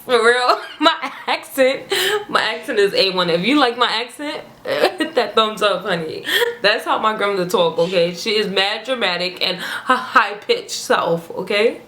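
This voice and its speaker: A woman's voice: mid-range voice, unhurried, slight background noise. Chatty young woman telling a story. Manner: chatty, animated, slangy storyteller who breaks into character voices. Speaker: vlogger. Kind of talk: casual storytime vlog. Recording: roomy echo, faint ambience.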